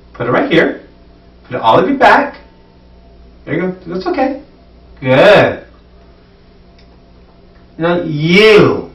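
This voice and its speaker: A man teaching English pronunciation, saying words slowly for listeners to repeat and praising them. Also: a little high, recorded from a distance. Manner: encouraging, repeats words slowly for learners to echo. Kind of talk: pronunciation drill lesson.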